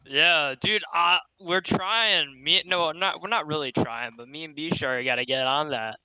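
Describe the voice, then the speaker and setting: A man's voice: on the high side, a little slow, bright, forceful tone, clean tone, muffled recording. A man chatting casually on a podcast, rambling with frequent restarts. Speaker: podcast guest. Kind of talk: casual chat.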